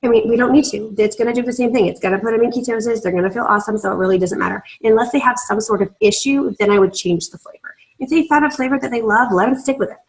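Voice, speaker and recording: A woman's voice: fairly high pitch, fast, vocal fry, few pauses, low-quality recording. A woman leading a casual sales training on a video call, chatty and full of fillers, laughing easily. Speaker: team leader giving sales training.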